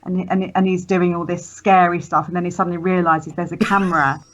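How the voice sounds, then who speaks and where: A woman's voice: fairly low pitch, flat delivery, a little fast. Chatty woman, muffled sound. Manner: chatty, hesitant with fillers. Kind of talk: casual review chat.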